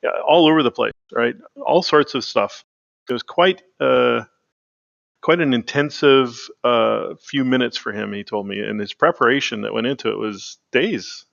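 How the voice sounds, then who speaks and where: A man's voice: mid-range voice, moderate pace, creaky, a bit bright, muffled recording. A man co-hosting a gaming podcast, rambling with lots of fillers and self-corrections. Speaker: podcast co-host. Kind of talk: casual gaming podcast chat.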